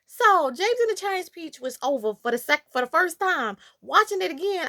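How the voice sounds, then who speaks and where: A young woman, casually telling a childhood story in a playful, animated way, talking straight to her viewers. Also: high-pitched, a little slow, dry recording.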